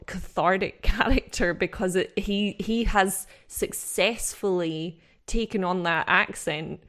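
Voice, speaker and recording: A woman's voice: medium pitch, slow, few pauses, a bit bright. A woman from Britain co-hosting a podcast, talking thoughtfully in casual discussion with frequent fillers and restarts. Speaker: podcast co-host.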